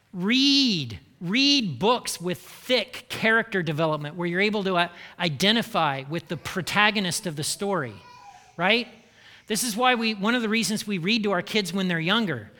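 An Indiana preacher gives an animated sermon at a moderate pace, chatting with the room and often adding "okay?" or "right?" to his lines. His high voice comes across bright and forward, with a long echo from the big hall.

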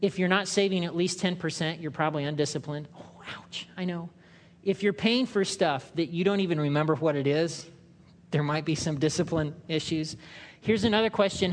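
A man preaching a sermon in a conversational way, acting out quotes in loud, higher voices. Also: in a large hall. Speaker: pastor.

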